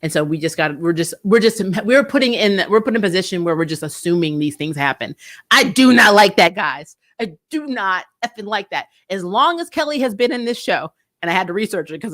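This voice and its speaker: A woman chatting through a TV episode review in a loose, animated way. She drops sarcastic asides and laughs often as she talks. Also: medium pitch. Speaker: TV show reviewer, channel host. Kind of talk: casual spoiler review chat.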